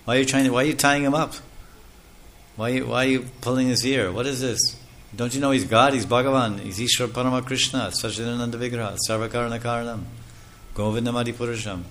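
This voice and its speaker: A man voicing a group of old male sages who scold with rapid, exasperated questions. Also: mid-range voice, fairly even intonation, a bit bright, a little hiss or hum, natural voice. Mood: indignant.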